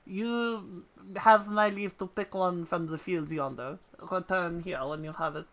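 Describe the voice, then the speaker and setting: A man's voice: sits high, fairly even intonation, a little slow, a bit bright, slight background noise, poor audio. A man reading out the lines of a formal noble chocobo trainer in a put-on French accent, stumbling over some words. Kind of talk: reading game dialogue aloud on a live stream.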